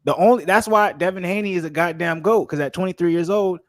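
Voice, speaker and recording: A man co-hosting a casual podcast chat, explaining things in a rapid, emphatic way. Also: sits high, dry recording, studio quality. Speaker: podcast co-host.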